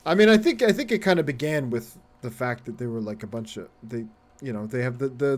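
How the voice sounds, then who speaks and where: A man's voice: mid-range voice, a little mellow. Swearing, laughing man streaming a game. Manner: rambling, swears freely, laughs often, talks to chat. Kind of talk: casual live-stream chat while gaming.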